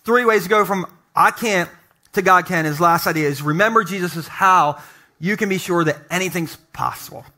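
A male pastor preaching to his congregation, telling humorous personal stories with animated asides. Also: high voice, normal speed. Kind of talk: sermon. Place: church sanctuary.

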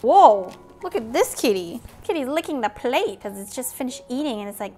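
A young woman hosting a toy unboxing video, excitable and playful, gasping at each reveal. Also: on the high side, moderate pace, few pauses. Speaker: toy unboxing channel host.

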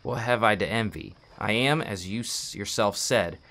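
A man reading aloud the lines of a sickly, dying male priest who is calm and resigned, in a slow, solemn delivery. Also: lowish voice.

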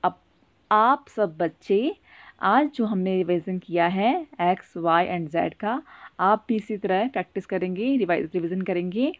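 A woman nursery teacher from Kashmir leading young children in a slow sing-along phonics lesson, chanting letter rhymes. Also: medium pitch, animated, dry recording, muffled recording. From Kashmir, India.

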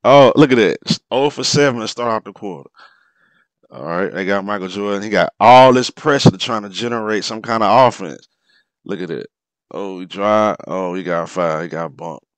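A man with a low, smooth voice talks his way through an old basketball game replay. He reacts loudly to the plays, swinging between muttered asides and excited outbursts. The recording is dry and close. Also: normal speed, no echo. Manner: animated, exclaims and laughs over plays. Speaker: sports commentator. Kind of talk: casual replay commentary.

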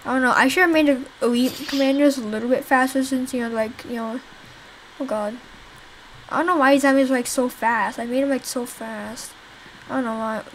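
Young woman rambling thru her own zombie game, kinda high voice, bit of hiss behind. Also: steady tone, brisk, rough recording. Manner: rambling, swears, talks to viewers while playing. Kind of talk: casual gameplay commentary.

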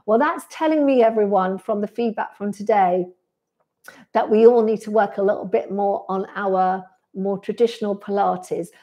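A pilates instructor with a medium-pitched, dark voice chats on a live stream from a sunny indoor room at a moderate pace. In a friendly way, she reads out viewer comments and replies to each one.

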